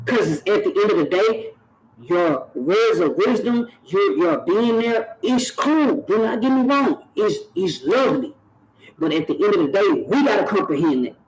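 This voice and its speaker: A man's voice: high-pitched, slight background noise, rough recording. A man, talking earnestly to camera on his own channel and repeating phrases for emphasis. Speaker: YouTube channel host. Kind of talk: direct-to-camera talk.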